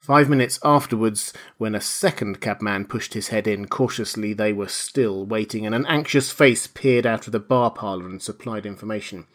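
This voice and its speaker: A man narrating a classic novel aloud in a measured, expressive way. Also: fairly low pitch. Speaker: reader. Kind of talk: audiobook narration.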